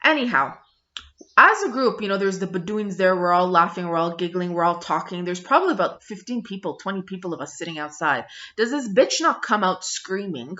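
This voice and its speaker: A woman's voice: on the low side, expressive, fairly quick, bright, forceful tone. A woman vlogger ranting bluntly to camera, emphatic and full of swearing, on a dull lo-fi recording. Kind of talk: angry review rant to camera. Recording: dull lo-fi sound.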